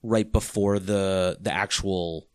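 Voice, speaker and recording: A man's voice: low-pitched, steady tone, slow pace, smooth, dry recording, clean studio sound. A young man co-hosting a casual podcast chat, rambling with lots of "like" and swearing freely. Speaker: podcast co-host.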